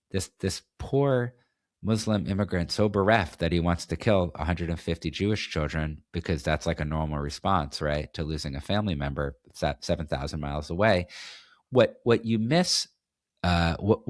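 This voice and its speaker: A man's voice: deep voice, dry recording, studio quality. A man from New England hosting a solo podcast, talking in a rambling, opinionated way with many restarts. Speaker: podcast host. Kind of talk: casual solo podcast monologue.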